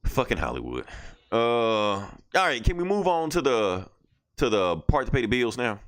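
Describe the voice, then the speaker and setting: A man's voice: medium pitch, big pitch swings, moderate pace, a bit bright. A man hosting a podcast, recapping comic books in a loose, profane, casual way. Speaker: podcast host.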